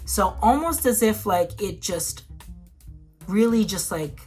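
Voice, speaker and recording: A woman hosts her own cooking vlog from a home kitchen, talking through a recipe in a chatty, upbeat way. Her voice sits in an ordinary middle pitch, and she fills her sentences with casual "like" and "um". Soft music plays faintly underneath. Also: expressive, takes it slowly, slightly rough. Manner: chatty, upbeat, full of "like" and "um" fillers. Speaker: cooking show host.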